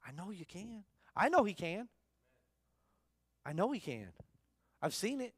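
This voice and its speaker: A man's voice: sits high, lively intonation, moderate pace, pauses often, fairly bright tone, no echo, clean studio sound. A man preaching a sermon in a church service, talking conversationally, asking the congregation questions and repeating his key phrases. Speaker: pastor.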